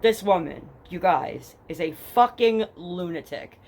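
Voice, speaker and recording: A woman's voice: fairly low pitch, lively intonation, measured pace, a little mellow. A young woman with a New Jersey accent hosting a true crime podcast, reading case documents aloud and breaking off to mock them bluntly with lots of swearing. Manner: blunt, profane and sarcastic, reads case documents then mocks them. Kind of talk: casual true crime storytelling. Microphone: headphones with a home mic.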